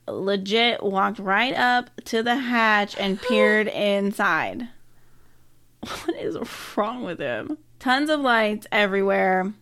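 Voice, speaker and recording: A woman's voice: medium pitch, a bit bright. A woman reading a story aloud to a co-host in casual chat, breaking off with laughing asides and quips. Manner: laughs often, reacts with quips and joking asides. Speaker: podcast co-host.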